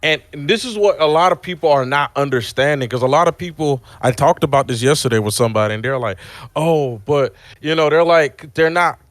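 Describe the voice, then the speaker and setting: A man co-hosting a casual movie review podcast, talking in an excitable, animated way. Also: a little high, fast, few pauses, no echo. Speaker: podcast co-host.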